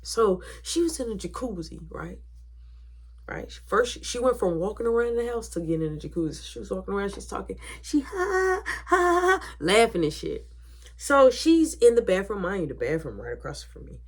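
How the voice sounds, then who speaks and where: Animated young woman telling a family story. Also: medium pitch, a little fast, breathy edge. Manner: animated, acts out quoted voices, drops to whispers. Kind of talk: casual storytime.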